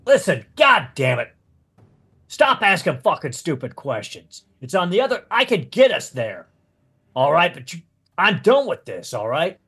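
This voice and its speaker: A man's voice: fairly high pitch, sing-song, measured pace, fairly bright tone, husky, pitched above the performer's own voice, exaggerated voice. A man voicing a young injured monk who is fed up, agitated and swears in a tabletop game.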